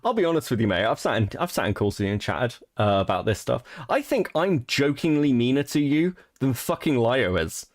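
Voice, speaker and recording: A man's voice: mid-range voice, expressive, a little fast, hardly any pauses. A man hosting a commentary stream, blunt and sarcastic, swearing freely. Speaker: stream host.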